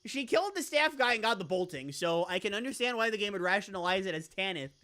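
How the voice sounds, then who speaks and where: Bubbly woman streamer chatting playfully over gameplay; bright, very animated delivery. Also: medium pitch, fast. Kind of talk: casual live game commentary.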